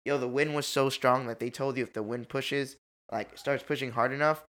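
A man telling a story in a casual, animated chat, full of slang and swearing. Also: medium pitch, normal speed.

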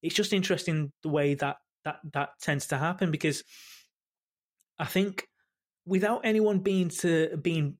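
A man, a football podcast panelist talking in a halting way full of restarts. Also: a little high. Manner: halting, many restarts and fillers. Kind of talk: casual football chat.

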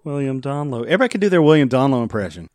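A man's voice: medium pitch, sing-song, racing, darkish tone, no room sound. A man co-hosting a casual podcast, chatty and joking, often laughing. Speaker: podcast co-host. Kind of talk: casual chat.

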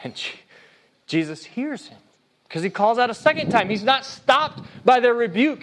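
A man's voice: normal speed, slight background noise. A man preaching a sermon in a casual, conversational way, reading scripture aloud and acting out the quoted lines. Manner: conversational, animated, voices quotes in a higher pitch.

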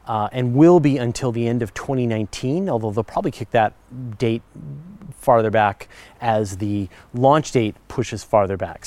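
A middle-aged man talks through listener questions as a podcast host, chatty and eager, often pausing on fillers and correcting himself. His voice sits at an ordinary pitch and is recorded close and dry, with no room sound around it. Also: darkish tone, no echo. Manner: chatty and enthusiastic, with frequent fillers and self-corrections. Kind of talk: casual explanatory chat.

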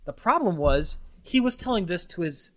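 A man hosting a casual podcast chat, animated and often stumbling and repeating his words. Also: sits high, moderate pace. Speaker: podcast host.

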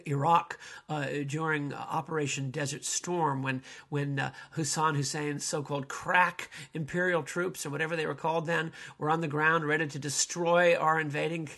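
A man, a priest, lecturing on a play in a halting, digressive way, with many fillers and restarts. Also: a little high, fairly even intonation, creaky, sharp tone.

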